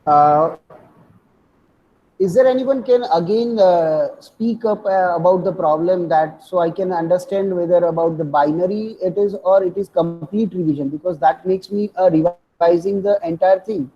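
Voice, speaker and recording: Husky, hesitant man on dull call audio. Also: sits high. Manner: hesitant, full of "uh" pauses. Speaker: co-instructor. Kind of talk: online class discussion.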